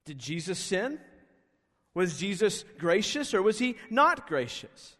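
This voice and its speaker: A man's voice: high-pitched, big pitch swings, slow, fairly bright tone. A male pastor preaching a sermon, emphatic, pressing his listeners with rhetorical questions. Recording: long reverb of a hall.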